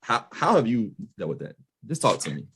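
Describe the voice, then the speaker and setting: A man's voice: medium pitch, sing-song, brisk, fairly bright tone, slight background noise. A man in his late twenties from the United States hosting a podcast interview, earnest and emphatic, casual with slang. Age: late 20s. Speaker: podcast host.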